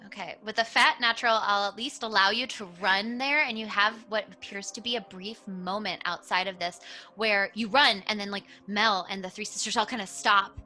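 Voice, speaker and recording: Bright-voiced woman running a tabletop game. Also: mid-range voice, fairly even intonation, moderate pace. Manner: laughing, loose and chatty. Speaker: dungeon master.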